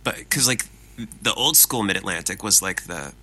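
A man, a voice actor chatting casually as an interview guest, animated and self-deprecating. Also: sits low, moderate pace, husky, poor audio.

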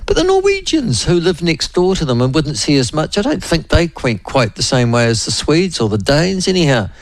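A man's voice: on the high side, big pitch swings, normal speed, no room sound. A man hosting morning talk radio in a wry, rambling, opinionated monologue.

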